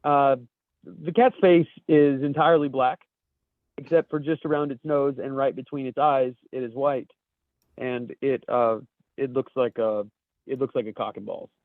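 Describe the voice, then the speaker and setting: Over a thin, phone-like call line with no reverb, a man co-hosting a podcast reads memes out loud and banters loosely, cursing and cracking himself up. His voice sits at a medium pitch with fairly flat intonation and a moderate pace.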